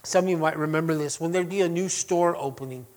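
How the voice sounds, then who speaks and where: A man preaching a sermon to his congregation, chatty and full of asides, who swings between loud emphatic passages and quiet, hushed lines. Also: a little high, quick pace. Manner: conversational with restarts and asides to the congregation. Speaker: pastor.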